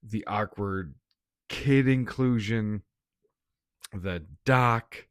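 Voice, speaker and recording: A man's voice: on the low side, drawn-out words, smooth, no echo, clean studio sound. A man giving a casual, blunt movie review, laughing often and swearing.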